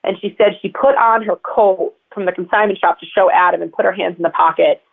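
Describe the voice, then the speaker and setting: Woman, interview guest, chatty rambling storytelling, gravelly voice, phone-line sound. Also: medium pitch, fairly even intonation, a little fast. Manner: chatty, rambling, full of fillers.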